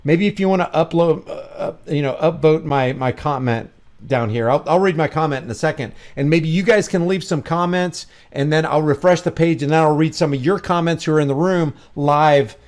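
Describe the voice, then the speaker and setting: A man giving reaction commentary on a video, excitable and full of restarts and asides. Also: a little high, moderate pace.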